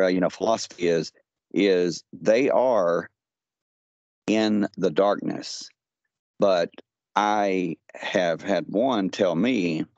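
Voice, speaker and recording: A man's voice: deep voice, a little mellow, no echo. A man on a podcast call, retelling a strange conversation in a rambling way with lots of "he says.". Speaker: podcast guest. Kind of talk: casual podcast storytelling. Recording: dull lo-fi audio.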